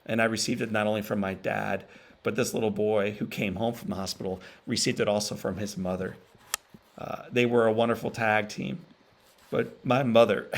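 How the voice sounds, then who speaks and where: A man giving an emotional inspirational keynote, telling a personal story with pauses and repeated phrases for emphasis. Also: lowish voice, gravelly. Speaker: motivational speaker. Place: virtual event stream.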